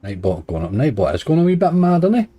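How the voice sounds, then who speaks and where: A man's voice: on the high side, big pitch swings, quick pace, warm tone, breathy edge, dry recording, lo-fi sound, faint music behind. A middle-aged man with a Northern Irish accent, streaming online slots and chatting casually while grumbling at the game. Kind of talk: casual live-stream commentary.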